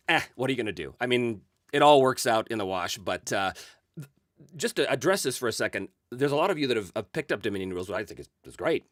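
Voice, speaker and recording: A man's voice: medium pitch, sing-song, quick pace, fairly bright tone, dry recording, clean studio sound. A man hosting a solo tabletop role-play show, chatting casually as he reads out and answers viewer comments, chuckling often and using many fillers. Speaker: solo RPG show host answering chat.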